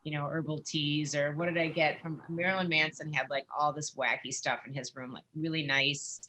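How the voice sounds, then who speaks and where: A woman with a low, bright-edged voice tells stories from her touring life as a podcast guest. She talks in an animated, chatty way, full of "like" and quick asides. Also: slight background noise. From United States. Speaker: guest, musician and former wrestling interviewer. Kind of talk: casual interview storytelling.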